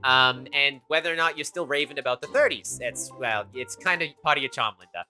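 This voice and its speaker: A woman's voice: very deep voice, fairly quick, bright, forceful tone, faint music behind. A woman voicing a weary middle-aged daughter giving a hesitant, placating family toast in a tabletop game.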